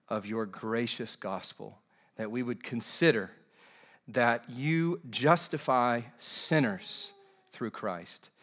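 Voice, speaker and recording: Male pastor in a church service; earnest, measured preaching with restarts. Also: mid-range voice, a bit bright. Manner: measured, earnest delivery with frequent repeated words. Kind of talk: sermon with opening prayer. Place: church during a morning service.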